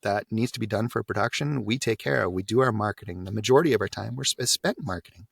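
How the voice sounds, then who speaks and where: Man, voiceover coach on a podcast. Gravelly tone, dry close sound, casual and chatty. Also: lowish voice, fast, no room sound. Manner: chatty, often tags "right?". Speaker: guest, voiceover coach and group organizer.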